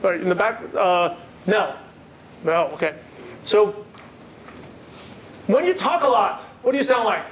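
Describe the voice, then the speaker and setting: High-voiced male sales trainer. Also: animated, unhurried, long pauses, fairly bright tone, slight background noise. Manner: asks the audience questions and repeats their answers. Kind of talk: live workshop lecture. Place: meeting room with a live audience.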